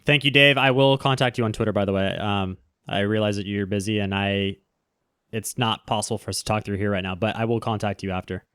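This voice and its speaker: A man hosting a live stream, chatting casually and warmly thanking viewers for donations. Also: fairly low pitch, steady tone, a little fast, smooth, no echo, clean studio sound.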